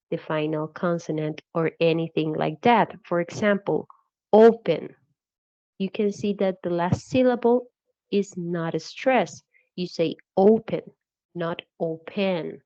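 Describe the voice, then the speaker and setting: A woman narrating an English spelling lesson, slowly and carefully repeating each example. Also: fairly low pitch, a little mellow, dull audio. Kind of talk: recorded English grammar explanation.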